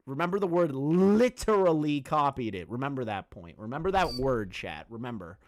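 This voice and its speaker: A man's voice: medium pitch, very animated, fairly quick, hardly any pauses. A man hosting a casual commentary video, ranting to his chat in a profane, sarcastic and exasperated way.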